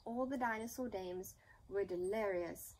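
A woman reading a children's storybook aloud in an unhurried, expressive manner. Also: medium pitch, slight background noise, poor audio. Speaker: storybook reader.

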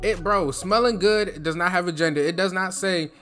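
Young man, from new jersey, slangy casual advice talk, slightly high voice, faint music underneath. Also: normal speed, fairly bright tone. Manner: slangy, loose and chatty, full of fillers; speaks from the throat on purpose. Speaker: vlogger giving advice.

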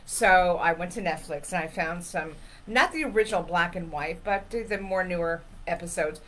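Lively storytelling woman, lowish voice. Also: normal speed, slight background noise, rough recording. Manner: animated, laughs while telling stories, acts out quotes. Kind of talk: casual chat, storytelling.

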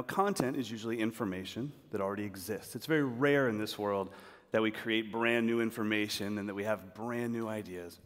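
A man giving a storytelling talk on a large auditorium stage, acting out scenes as he goes. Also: medium pitch. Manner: animated, acts out scenes. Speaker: speaker at a talk. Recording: long reverb of a large hall.

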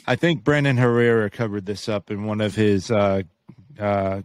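A man co-hosting a casual podcast, rambling and halting with frequent restarts and casual swearing. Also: fairly low pitch, steady tone, smooth, no room sound. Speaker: podcast co-host. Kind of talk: casual chat.

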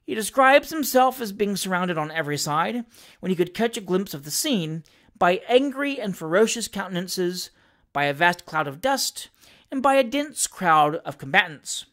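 Animated storyteller reading a classic novel, voice rising and falling freely. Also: medium pitch, normal speed. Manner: expressive, lively storytelling. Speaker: audiobook reader.

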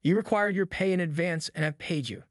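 A man's voice: brisk, dry recording, clean studio sound, natural voice. A man reading a terse, stern young doctor. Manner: low, clipped speech.

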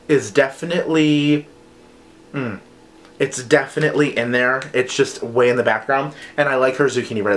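A man's voice: medium pitch, fairly bright tone. A man chatting enthusiastically and playfully as he reviews scented wax melts in a casual haul video.

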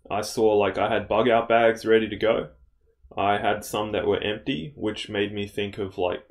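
Low-voiced man recounting a dream. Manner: rambling, many fillers and restarts. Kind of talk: casual spoken testimony.

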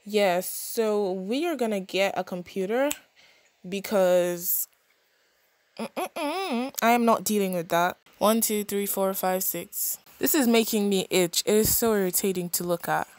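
A young woman casually narrating a life-sim game, chatty and expressive with quick reactions. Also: medium pitch, no room sound. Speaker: gaming channel host.

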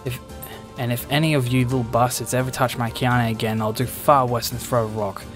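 A rough-spoken old grandmother, fierce and protective, as a man reading a game story puts her on. Her words are blunt and gruff. The voice is middle-pitched. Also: normal speed, faint music behind, close to an everyday voice.

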